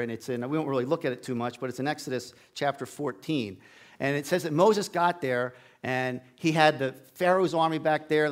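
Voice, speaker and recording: A middle-aged man preaching a casual storytelling sermon in a church sanctuary, acting out the characters' lines with a raised voice. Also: a little high. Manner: folksy, acts out Bible characters' lines with raised voice.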